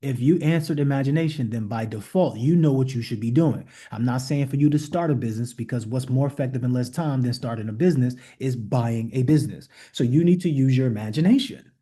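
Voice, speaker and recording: A man with a mid-range, dark-toned voice speaks fairly quickly with few pauses, coaching a group on an online leadership call. His motivational teaching is blunt and emphatic, full of repeated rhetorical questions and direct commands.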